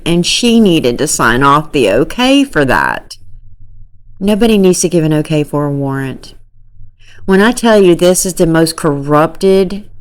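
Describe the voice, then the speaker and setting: Woman commentator, casual and emphatic, slow delivery, wide pitch swings. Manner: exasperated, incredulous, emphatic. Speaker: true crime commentator. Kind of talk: casual commentary reacting to a clip.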